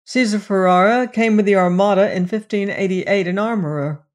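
An audiobook narrator voicing a calm, hesitant young male student in a storybook reading. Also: mid-range voice, normal speed, pitched above the performer's own voice, natural voice.

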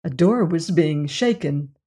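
A woman reading a mystery novel aloud as the host, in a measured, unhurried storytelling manner. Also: low-pitched, expressive, mellow, husky. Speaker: audiobook narrator and host. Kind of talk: scripted narration of a mystery novel.

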